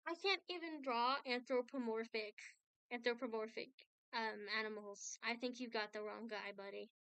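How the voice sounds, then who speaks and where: Woman, art streamer, casual chat, rambling, slightly high, smooth and crisp. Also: normal speed, fairly bright tone, dry recording. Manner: rambling, with many restarts and asides.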